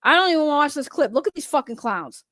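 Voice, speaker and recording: A woman's voice: sits high, lively intonation, fast, pushed and bright, dry recording, studio quality. A woman giving heated, profane reaction commentary as a vlogger, repeating her angry points. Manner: heated, profane, repetitive ranting.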